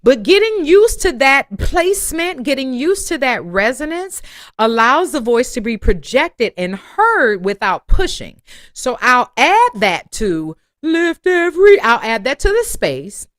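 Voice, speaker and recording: A woman's voice: high-pitched, big pitch swings, a little slow, a bit bright, dry recording, studio quality. A woman voice teacher giving an online singing lesson, encouraging her students and breaking into sung phrases and vocal exercises.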